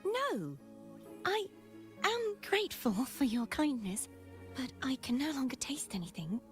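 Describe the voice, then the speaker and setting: A calm young heroine from a story game, her voice high and soft. She speaks in gentle, measured lines, with game music playing underneath. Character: calm, solemn young woman, game companion. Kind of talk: game dialogue.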